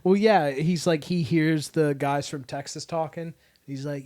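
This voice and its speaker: A man's voice: on the high side, fairly even intonation, measured pace, darkish tone, dry recording. Male podcast co-host, dry close sound, riffs on jokes and quotes TV lines. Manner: riffing, quoting TV scenes in character. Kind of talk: casual chat among friends.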